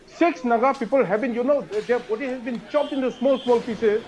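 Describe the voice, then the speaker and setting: A man's voice: extremely high pitch, normal speed, darkish tone, poor audio. A man, a colonel on a news debate panel, insistent and repetitive, pushing his point over others. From Manipur. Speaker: retired army colonel, panelist.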